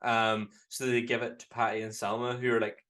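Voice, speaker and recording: A man with a Northern Irish accent, co-hosting a casual film podcast, animated and often laughing as he retells scenes. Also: medium pitch, brisk. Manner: animated, laughing, swearing, quotes lines in put-on voices. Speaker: podcast co-host. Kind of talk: casual chat.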